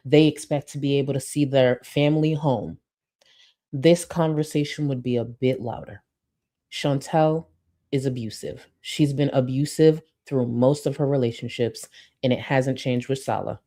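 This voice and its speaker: Woman, live-stream commentary, blunt, emphatic, mellow dark tone. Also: very deep voice, steady tone, moderate pace. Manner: blunt, emphatic, swears freely; reads chat comments aloud.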